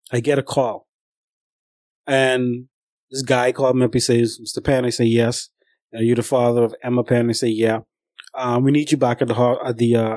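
A man's voice: medium pitch, a little mellow, no echo. A man telling a long, rambling story about his travels in a casual, conversational way, speaking straight to his viewers.

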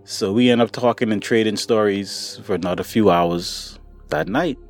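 A man's voice: fairly low pitch, sing-song, normal speed, creaky, faint music behind. A man casually telling a personal story on a podcast, talking to the listener like a friend and calling him "buddy" and "boy". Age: adult, grown since childhood events.

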